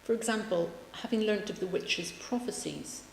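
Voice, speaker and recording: A woman's voice: medium pitch, normal speed, creaky. A woman giving a public lecture, wry in tone, reading quotations aloud with emphasis. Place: large lecture room. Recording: echoey hall, faint background hum.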